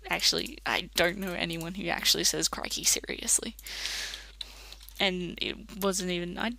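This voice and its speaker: An Australian let's play commentator rambling casually while gaming, chatty and quick to laugh. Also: medium pitch, steady tone, creaky, sharp tone.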